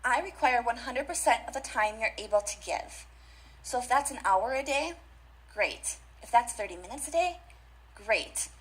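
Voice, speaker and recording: A woman's voice: on the high side, expressive, normal speed, poor audio. A young adult woman giving an emphatic motivational talk at a conference, repeating key phrases and speaking straight to the audience. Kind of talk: motivational speech. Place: conference stage.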